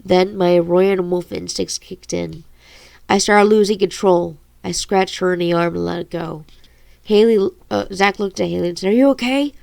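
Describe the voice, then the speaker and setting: A woman reading her own novel aloud in a halting way, with stumbles and self-corrections. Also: lowish voice, steady tone, gravelly, darkish tone, no echo.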